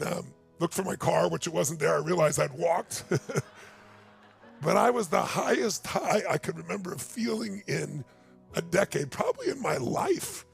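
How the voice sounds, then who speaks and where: A man in his sixties, a motivational speaker telling a story in a keynote talk, emphatic and building to urgent appeals. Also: high-pitched. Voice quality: gravelly.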